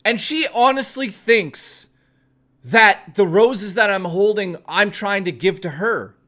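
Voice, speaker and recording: A man streaming, telling a personal story in a casual, animated and profane way, often swearing that it is true. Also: sits high, takes it slowly.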